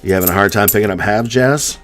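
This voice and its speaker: A man's voice: lowish voice, fast, a bit bright, faint music behind. A man from the US East Coast hosting a casual live stream, chatting and answering viewer comments one by one. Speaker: coin roll hunting live streamer.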